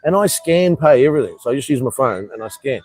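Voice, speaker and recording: Aussie bloke rambling on his live stream, husky voice, swears heaps and jokes around. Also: mid-range voice, lively intonation, quick pace, a little mellow. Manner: loose, joking, swears freely, slangy. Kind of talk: casual live stream chat. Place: living overseas in Cambodia.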